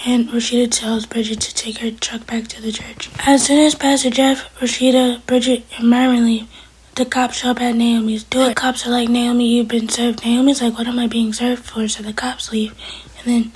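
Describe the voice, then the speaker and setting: A woman's voice: a little high, darkish tone, husky, low-quality recording. A young woman vlogger casually retelling a TV episode, quoting each character in turn as she goes. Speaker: TV recap vlogger.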